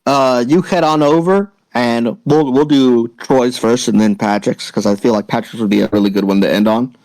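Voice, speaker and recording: A man's voice: mid-range voice, a little mellow, dry recording, poor audio. Casual game master man, dry sound. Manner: casual, swears, talks fast. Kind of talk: narrating a tabletop game.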